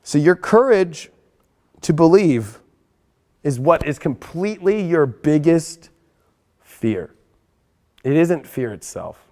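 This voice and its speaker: A man with a fairly high voice talks through a weekly astrology forecast. He is excitable and swears freely. He swings between loud, hyped bursts and quiet, earnest stretches. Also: slow pace, long pauses. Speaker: astrology show host.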